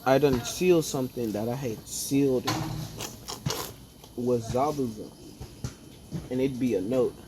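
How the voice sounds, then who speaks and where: Slow, rambling young man telling a story. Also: medium pitch, background noise. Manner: meandering, with fillers and self-corrections. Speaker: storyteller narrating a fan scenario. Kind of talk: casual improvised storytelling.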